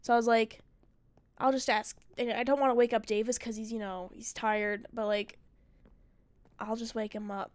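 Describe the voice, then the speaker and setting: A woman's voice: on the high side, level tone, normal speed, no room sound. A woman streamer telling a story in casual chat, rambling and profane, full of "like" fillers.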